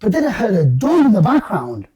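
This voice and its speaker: A man, casually telling a long story to friends. His voice is mellow and dark, and he slips into lively put-on voices for the people he quotes. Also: high voice, brisk, slightly rough, lo-fi sound. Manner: animated, acts out quoted voices, slangy. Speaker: guest storyteller.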